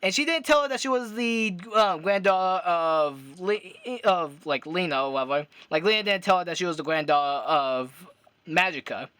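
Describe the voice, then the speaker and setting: A man with a high, bright voice talks through a cartoon recap for his podcast. He rambles and restarts, leaning on fillers as he goes. The recording is dry and close. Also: moderate pace, clean tone, no echo. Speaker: podcast host. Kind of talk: unscripted casual podcast recap.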